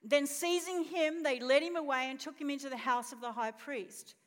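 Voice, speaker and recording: A woman pastor preaching in a high, bright voice, telling the story with animation and asking the congregation questions. Her words carry through the long reverb of a church auditorium. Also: steady tone, moderate pace. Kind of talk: sermon.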